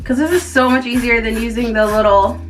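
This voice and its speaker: A woman's voice: a little high, fairly quick, far from the mic, soft background music. A woman chatting casually to camera as a beauty vlogger, rambling with lots of fillers.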